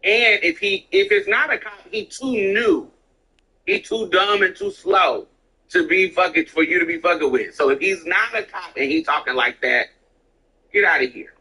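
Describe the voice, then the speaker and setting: A woman's voice: on the low side, moderate pace, pushed and bright, breathy edge, poor audio. A woman streamer chatting bluntly and profanely while gaming, acting out the voices she quotes. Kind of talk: casual chat while gaming.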